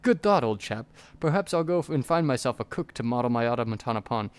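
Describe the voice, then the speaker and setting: A man voicing a mournful upper-class English gentleman inventor in a game, with a genteel, fussy manner and an upper-class English accent. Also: mid-range voice, lively intonation, fast talker, clean tone, close to an everyday voice.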